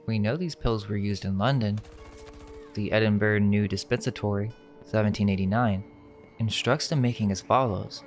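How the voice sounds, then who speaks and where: A man with a low voice reads a scripted narration, measured and suggestive, leaning on rhetorical questions. Faint music plays beneath his voice. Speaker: narrator of a conspiracy video.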